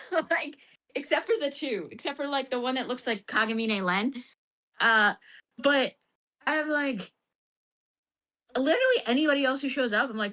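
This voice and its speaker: A woman's voice: high voice, normal speed, pauses often, sharp tone. A woman streamer chatting casually about a game, laughing often and acting out the characters' lines in bursts.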